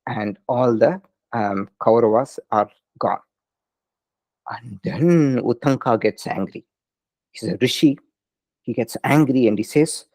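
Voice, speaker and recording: A man's voice: medium pitch, slow, pauses often, darkish tone, no echo. Chatty male scripture teacher, dry close sound. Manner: casual, laughing, with fillers. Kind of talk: lecture with storytelling.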